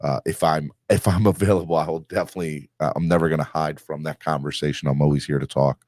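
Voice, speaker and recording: A man's voice: rumbling low, steady tone, fast talker, darkish tone, no room sound. A man hosting a sports podcast, talking earnestly in a rambling way with many fillers. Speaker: podcast host. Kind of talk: casual sports podcast chat.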